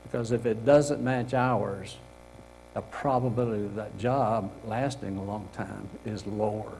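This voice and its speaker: A man's voice: fairly low pitch, fairly even intonation, measured pace, gravelly, darkish tone, a little hiss or hum, poor audio. A middle-aged man presenting a career workshop to a group in a meeting room, speaking casually and acting out example lines with a laugh.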